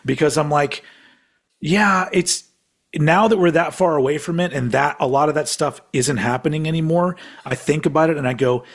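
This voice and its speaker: A man in his forties co-hosting a casual podcast, chatting excitably and swearing freely. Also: a little high, normal speed. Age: 40s. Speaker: podcast co-host. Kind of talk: casual chat ranking albums.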